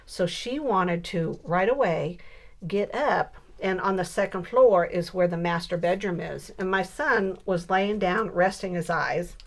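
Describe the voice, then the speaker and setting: A woman in her sixties telling a funny family story in a casual, animated way while she works on a scrapbook page. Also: fairly low pitch, a little slow. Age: 60s. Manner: animated storyteller who builds to punchlines. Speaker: scrapbooking crafter.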